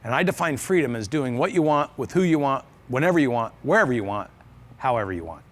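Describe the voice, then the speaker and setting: A man's voice: medium pitch, expressive, fast talker. A man giving a motivational business talk on stage. He speaks earnestly and with emphasis, and he often repeats phrases for effect. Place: event stage with live audience.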